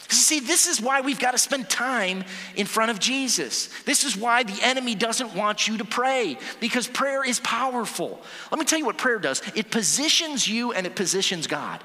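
A man's voice: very high voice, animated, fairly quick, few pauses, pushed and bright. A male pastor in his forties preaching a sermon in a conversational way, often repeating and restarting words and asking the audience questions. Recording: long hall reverb.

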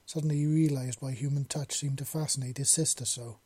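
A man narrating a story in a measured, unhurried reading. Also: mid-range voice, fairly even intonation, darkish tone, slightly rough, no room sound.

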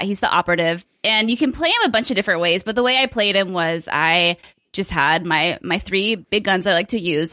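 A woman's voice: medium pitch, bright, forceful tone, dry recording, studio quality. A woman co-hosting a gaming podcast, talking in a bubbly, jokey, self-deprecating way. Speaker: podcast co-host. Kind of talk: casual gaming podcast chat.

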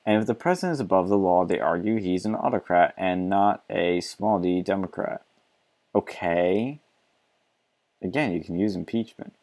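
A man with a low, slightly mellow voice reads an article aloud and rants about it. He is sarcastic and mocking, swears often, and laughs between his remarks.

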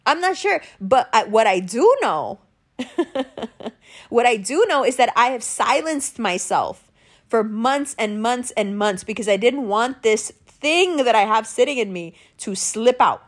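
A woman's voice: fairly high pitch, expressive, slow pace. A young woman hosting a show, giving a raw, profane, emotional monologue. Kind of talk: candid monologue.

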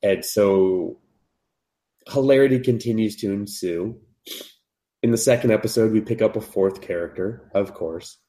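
A man casually recapping an anime on a podcast, swearing freely and jumping into high voices when he quotes the characters. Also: unhurried. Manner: profane, animated retelling, jumps into high voices for characters. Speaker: podcast co-host.

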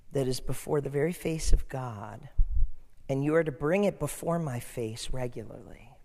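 A man's voice: a little high, darkish tone. A man preaching a conversational sermon as pastor, asking his congregation questions. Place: church sanctuary. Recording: long hall reverb.

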